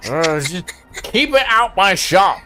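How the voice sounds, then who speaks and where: A man's voice: sits high, very animated, slow, bright, forceful tone, soft background music, voice pushed up, full character voice. Man putting on a jumpy old shopkeeper. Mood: flustered. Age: older. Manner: startled, cursing outbursts.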